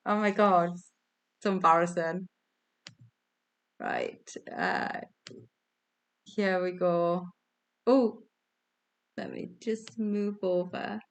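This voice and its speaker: A woman's voice: lowish voice, creaky, fairly bright tone. A woman hosting a casual online quiz over a video call from home, chatty, giggly and self-deprecating. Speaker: quiz host.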